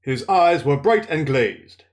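Lively man recapping a book. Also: a little high, slow pace, reverberant. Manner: relaxed, thinking aloud with restarts. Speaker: podcast host and reader. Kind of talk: casual book recap and reading aloud.

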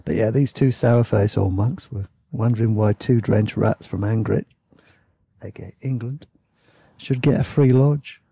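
Yorkshire podcast host, dark gravelly voice, loose chatty storytelling, dry close sound. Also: male voice, on the low side, measured pace. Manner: rambling, chatty, self-deprecating asides. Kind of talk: casual travel storytelling.

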